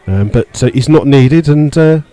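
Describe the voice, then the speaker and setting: Brief: male radio football commentator, mellow tone, halting play-by-play full of fillers, gets worked up over referee calls. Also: no echo, soft background music, some chatter behind, low-quality recording. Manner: steady play-by-play with many fillers, rising in pitch when indignant. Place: stadium stand among fans.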